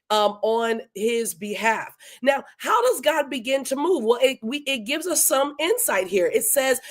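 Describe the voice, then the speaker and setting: Eager woman teaching the Bible. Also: a little high. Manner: conversational, enthusiastic, with emphatic slowed-down scripture reading. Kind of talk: live-streamed verse-by-verse Bible teaching.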